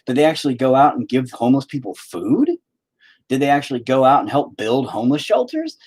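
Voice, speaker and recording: A man's voice: medium pitch, sing-song, a little fast, darkish tone, slightly rough. An American man who hosts his own channel rants casually and profanely while painting, with sarcastic asides. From United States. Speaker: channel host.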